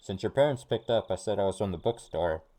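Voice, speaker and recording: A man hosting a let's play, reading a visual novel aloud and rambling excitedly and paranoidly between lines. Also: on the low side, fairly quick.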